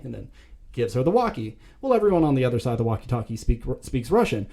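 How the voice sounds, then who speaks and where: Male podcast host, casual plot recap, animated storyteller, mid-pitched voice, swears freely. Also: fast.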